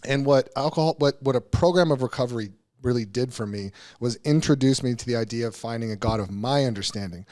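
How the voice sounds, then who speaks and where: A man's voice: mid-range voice, quick pace, few pauses, darkish tone. Candid man telling his recovery story. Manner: candid, earnest, with frequent restarts and casual swearing. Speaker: podcast guest. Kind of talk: personal storytelling in a podcast interview.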